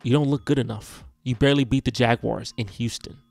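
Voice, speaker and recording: A man's voice: medium pitch, steady tone, fairly quick, gravelly, a little mellow, soft background music. A man, a sports content creator, giving a blunt, frustrated, unscripted rant and repeating himself.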